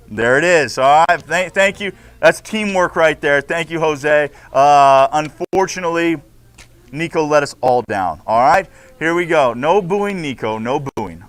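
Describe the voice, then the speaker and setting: A man's voice: a little high, animated, measured pace, fairly bright tone, no room sound. A man teaching a school class, playful and joking with his students in a classroom. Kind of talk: classroom instruction.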